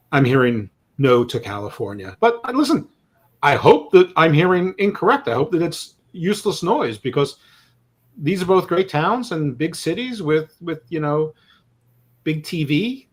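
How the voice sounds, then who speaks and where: A man co-hosting a sports podcast in casual chat, rambling through his points with self-deprecating jokes. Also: a little high. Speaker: podcast co-host.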